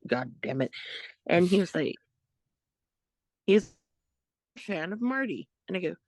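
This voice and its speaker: A woman co-hosting a podcast, telling a story in a casual, animated way, quoting what others said. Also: fairly low pitch, unhurried, no echo. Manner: animated retelling, quotes others, laughs often. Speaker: podcast co-host.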